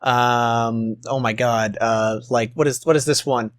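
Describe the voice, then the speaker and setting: A man's voice: mid-range voice, steady tone, measured pace. Joking, sweary Canadian man. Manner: joking, sweary, mock-exasperated. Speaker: podcast co-host. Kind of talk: casual chat.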